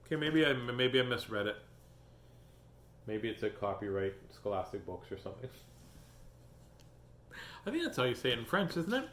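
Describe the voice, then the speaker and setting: A man's voice: mid-range voice, very animated, normal speed, pauses often, fairly bright tone, a little hiss or hum. A man reading children's books aloud as host, with playful, joking asides. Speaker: children's book reader and host. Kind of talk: reading aloud and casual chat. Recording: echoey room.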